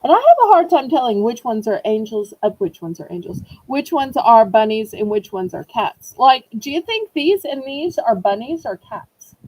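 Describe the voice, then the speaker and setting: Southern lady hosting a live auction stream, high bouncy voice, playful chatter. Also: sing-song, normal speed, hardly any pauses, a little mellow, rough recording. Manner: chatty, playful, self-teasing. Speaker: online auction seller.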